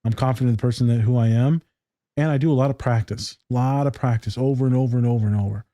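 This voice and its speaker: A man's voice: mid-range voice, fairly even intonation, fast, mellow, no echo, clean studio sound. A man co-hosting a casual podcast, blunt and joking, rambling through his points. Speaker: podcast co-host.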